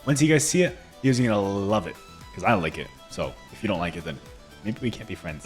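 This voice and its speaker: A man's voice: medium pitch, big pitch swings, quick pace, soft background music. A man giving casual commentary while building in a video game, rambling playfully and laughing at himself. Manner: playful, giggly, self-mocking rambling. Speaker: gameplay video creator.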